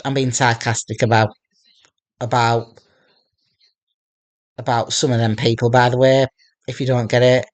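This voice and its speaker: A man in his thirties from northeast England speaks slowly in a personal video diary. His voice sits at an ordinary middle pitch, and he keeps stopping to repeat and restart his phrases as he goes. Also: little pitch movement. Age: 30s. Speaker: vlogger.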